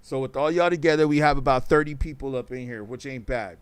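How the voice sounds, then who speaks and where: A man's voice: medium pitch, fast talker, clean tone, dry recording. A man hosting a talk show on a livestream, chatting casually in a rambling, profane and emphatic way.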